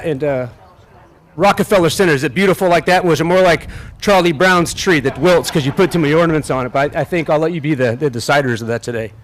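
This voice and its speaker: Middle-aged male general, outdoor ceremony speech, slightly higher voice, halting and folksy. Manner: folksy, self-deprecating, halting with restarts. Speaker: general officer speaking at a ceremony. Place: outdoors on a field.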